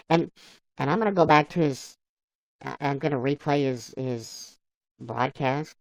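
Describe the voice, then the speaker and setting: A man's voice: a little high, measured pace, creaky, long pauses, no echo, low-quality recording. A man on a live stream, chatting casually, laughing often and reading viewers' comments aloud. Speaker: livestreamer.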